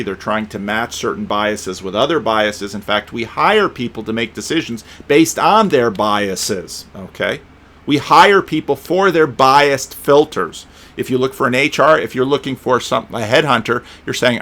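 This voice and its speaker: A man's voice: mid-range voice, fairly bright tone. A middle-aged man giving a rambling solo commentary, thinking aloud and restarting his sentences as he talks. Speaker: pastor and video commentator.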